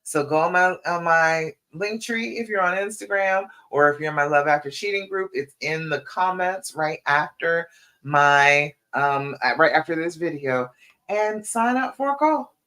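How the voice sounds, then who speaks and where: A woman working as a relationship coach, hosting a live-stream Q&A and pep talk, speaking straight to her viewers with encouraging, repeated appeals and animated storytelling. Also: low voice, a little slow.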